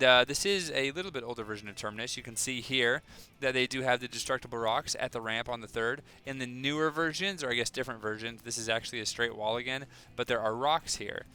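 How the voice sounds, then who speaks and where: A man's voice: mid-range voice, sharp tone, clear, resonant tone. A man casting a strategy video game in a casual, chatty way, with joking, self-deprecating asides. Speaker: game caster. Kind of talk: casual esports commentary.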